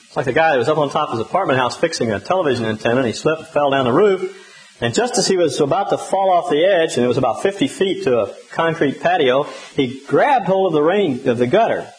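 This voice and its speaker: A male pastor preaching a sermon in a conversational, humorous way with lively emphasis. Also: on the high side, fast talker, rough recording.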